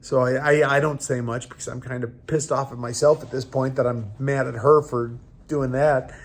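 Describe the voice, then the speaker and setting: A man in his thirties, a professional fighter, telling a story casually in a halting way and acting out the lines of the people in it. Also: medium pitch, fairly even intonation. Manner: halting retelling, acting out quoted dialogue.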